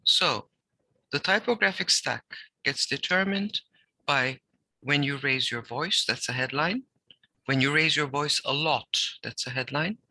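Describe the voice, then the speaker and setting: Bright-voiced man explaining typography. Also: on the high side, no echo, rough recording. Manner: explanatory, reads text aloud with deliberate pauses and emphasis. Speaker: typography teacher. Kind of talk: recorded design lecture.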